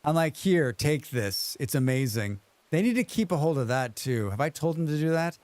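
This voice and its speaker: A man's voice: fairly high pitch, animated, moderate pace, darkish tone, no room sound. Chatty male game streamer. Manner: chatty, muttering reactions and questions to the game. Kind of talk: casual gaming commentary.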